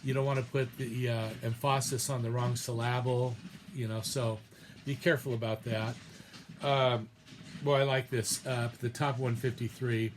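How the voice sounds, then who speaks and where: A man of ordinary pitch teaches preaching in an easygoing, rambling lecture. He hesitates often, backs up mid-sentence and sprinkles in fillers. Now and then he reads a short passage aloud from a text. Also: flat delivery, normal speed, a little hiss or hum. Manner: loose and hesitant, with many fillers and restarts. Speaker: preaching instructor. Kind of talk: casual recorded lecture.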